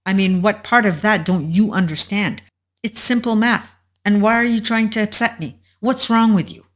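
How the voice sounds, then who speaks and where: A woman's voice: on the low side, normal speed, natural voice. A woman voicing an angry, belittling narcissistic partner who fires off indignant, accusing questions.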